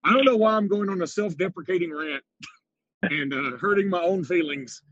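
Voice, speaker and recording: A man's voice: sits high, moderate pace, a bit bright, no echo, dull audio. A man co-hosting a podcast in casual chat, self-deprecating and laughing often. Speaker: podcast co-host.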